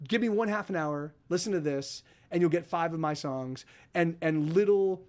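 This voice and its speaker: A musician and podcast host chatting casually on a livestream, telling rambling stories full of restarts and swearing. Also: male voice, fairly high pitch, normal speed, darkish tone.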